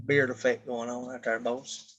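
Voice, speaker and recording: A man's voice: mid-range voice, little pitch movement, moderate pace, lo-fi sound. A man from Kentucky with a Kentucky accent, chatting and joking casually with salty language. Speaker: artisan. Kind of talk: casual rowdy banter. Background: loud guitar music.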